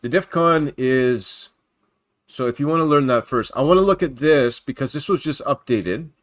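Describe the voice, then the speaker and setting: A man's voice: mid-range voice, moderate pace. A man hosting a casual Christian livestream from home at his computer. He rambles as he reads news off the screen and greets viewers by name. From Canada.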